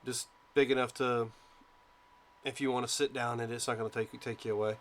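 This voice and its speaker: A man narrating as game master of a tabletop role-playing game, relaxed and halting, with many fillers. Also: mid-range voice.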